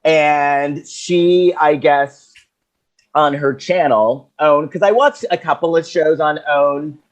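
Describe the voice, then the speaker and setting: A woman co-hosting a book podcast, telling stories in a blunt, animated and emphatic way. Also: low voice, slow. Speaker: podcast co-host discussing a book. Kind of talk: casual chat.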